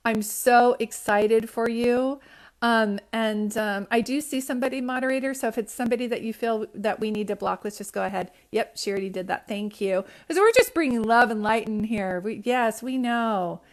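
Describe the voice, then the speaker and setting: A woman's voice: on the high side, normal speed. Chatty woman doing a live psychic reading. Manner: warm, chatty, affectionate pet names; rambling with fillers and restarts. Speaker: psychic medium hosting a live stream. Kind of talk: casual live-stream reading.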